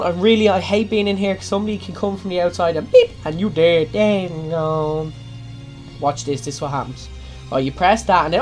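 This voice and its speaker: A young woman giving jokey, excitable let's play commentary, breaking into sudden loud yelps. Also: on the low side, moderate pace, faint music behind. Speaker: gaming channel host.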